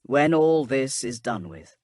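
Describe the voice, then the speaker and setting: A grave, secretive inquisitor, as a male narrator plays him, speaking in a husky, measured way. His delivery rises and falls as he reasons things out, recorded dry and close for an audiobook. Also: mid-range voice, sing-song, darkish tone, no echo. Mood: reserved.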